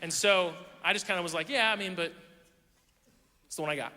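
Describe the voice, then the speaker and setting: A young man preaching a sermon, telling a funny story about himself in an animated, self-deprecating way. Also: high-pitched, a little fast. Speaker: pastor. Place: church auditorium. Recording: long hall reverb.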